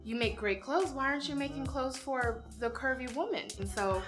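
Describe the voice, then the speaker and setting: A woman's voice: high voice, normal speed, music in the background. A woman fashion designer talking as a guest in a casual interview, chatty and full of "you know".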